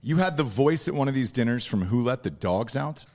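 A man's voice: mid-range voice, lively intonation, brisk, a little mellow. A man hosting a casual interview podcast, joking around and swearing freely. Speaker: podcast host.

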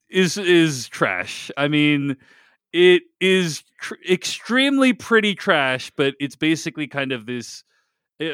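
A man's voice: on the high side, a bit bright, clean tone, dry recording, studio quality. A man hosting a film podcast, reviewing movies in a wry, chatty way and answering his own questions. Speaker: podcast host. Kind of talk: casual film review chat.

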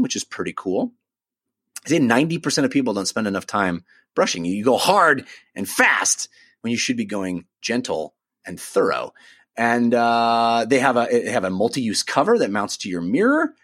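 This is a man hosting a gaming podcast in a casual, enthusiastic way. His voice swings up and down a lot as he rambles through his thoughts with plenty of fillers. His pitch sits in the middle for a man. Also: a bit bright, slightly rough. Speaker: podcast host. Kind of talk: casual talk and ad read.

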